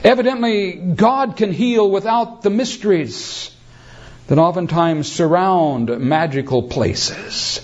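Animated preacher man with a lo-fi sound. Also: high-pitched, takes it slowly. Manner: animated preaching, calls listeners beloved. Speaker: pastor. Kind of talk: sermon.

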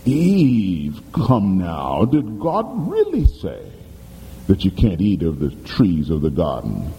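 A sly serpent-devil purrs low and slow, smooth and coaxing with a sinister edge, as a preacher puts him on. The voice is deep and mellow, and it hangs in a long church reverb over a faint hum of ambience. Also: male voice, wildly swooping pitch, heavily acted.

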